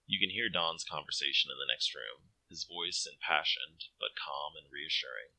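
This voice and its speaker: A young man hosting a let's play, reading a dating game aloud and joking with lively commentary and casual swearing. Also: rumbling low, normal speed, vocal fry, no echo, rough recording. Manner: animated, joking, swears freely.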